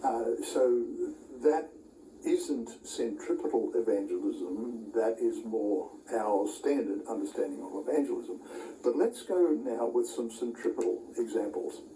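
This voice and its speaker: A man's voice: mid-range voice, unhurried, warm tone, slight background noise. A man giving a recorded Bible college lecture to camera, conversational, with dry asides and frequent filler words. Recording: distant mic, roomy echo, faint ambience.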